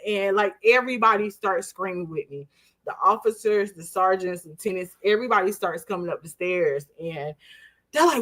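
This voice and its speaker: A woman's voice: mid-range voice, moderate pace. A woman in her forties, an interview guest, telling a personal story with animation and acting out the voices of others. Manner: animated, acts out quoted voices, laughs while telling.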